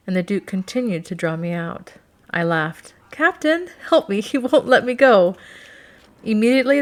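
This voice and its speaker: Low-voiced woman narrating a novel. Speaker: audiobook narrator. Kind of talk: first-person novel narration.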